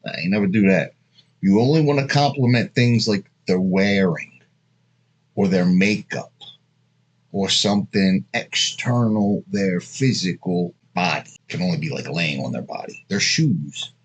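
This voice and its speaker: Husky, crude-talking man rambling. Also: sits low, unhurried. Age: 30s. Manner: crude, rambling storyteller with frequent asides. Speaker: dating advice host. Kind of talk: casual monologue.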